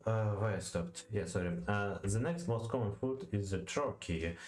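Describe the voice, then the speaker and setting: A man with a Russian accent reads poetry lesson notes aloud and thinks aloud, halting often with fillers and repeating words to practice saying them. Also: fairly low pitch, darkish tone, roomy sound, faint music behind. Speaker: language learner studying poetry. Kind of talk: reading aloud and thinking aloud while studying.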